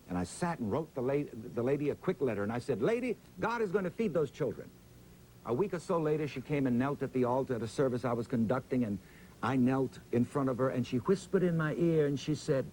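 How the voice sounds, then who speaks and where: Male preacher, interview guest; animated pitch, slow dramatic emphasis, faint rumble. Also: low-quality recording. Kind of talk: interview answers, preacherly storytelling.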